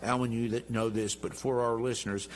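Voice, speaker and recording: A man's voice: medium pitch, steady tone, fairly quick, slight background noise. A middle-aged man being interviewed as a guest congressman, talking in an emphatic, boastful and jovial way. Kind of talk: interview talk.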